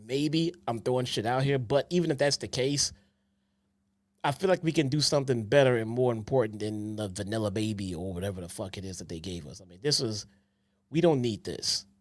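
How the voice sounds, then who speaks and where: A man's voice: mid-range voice, fairly quick. A man with a mid-range voice talks casually and hesitantly, restarting his sentences. His sound is dry and close, with no room echo. He co-hosts a live review chat. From Chicago. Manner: hesitant, restarts often, relaxed. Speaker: podcast co-host. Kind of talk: casual online call chat.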